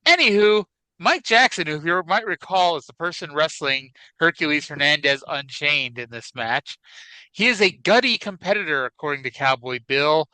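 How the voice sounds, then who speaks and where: Bright, crisp-voiced male podcast host. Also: a little high, dry recording, rough recording. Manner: wry, chatty, profane. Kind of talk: casual chat about wrestling.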